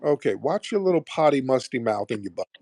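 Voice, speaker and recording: Mocking, gravelly man hosting a call-in. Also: medium pitch, very animated, a little fast, darkish tone, dry recording. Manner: mocking, combative, talks over the caller. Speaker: host. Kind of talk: heated live call-in debate.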